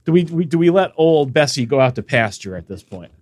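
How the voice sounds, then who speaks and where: A medium-pitched man talks a little fast with no echo, co-hosting a casual podcast. He's animated and jokey, bantering with his partner while sneezing and sniffling.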